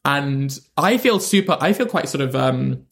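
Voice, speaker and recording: A young man with a British accent chats as a podcast guest, his voice carrying a gravelly fry. He talks in a lively, joking, sweary way at a middle pitch. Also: a little slow. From England. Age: 20s. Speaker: comedian guest. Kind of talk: casual chat.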